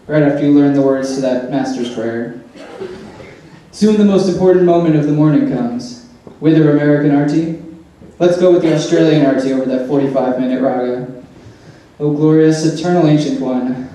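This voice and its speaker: Reading a humorous personal essay aloud, this man speaks at a moderate pace in a mellow voice on the high side, with wry, dry asides. It was recorded in an echoey room with the mic far off.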